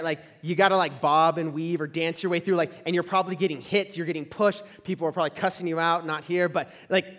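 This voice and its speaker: A young man's high, somewhat bright voice carries through an echoey large hall as he gives a relaxed storytelling sermon to a live audience. He's a campus ministry speaker, conversational in style, often saying "like" and putting questions to the room.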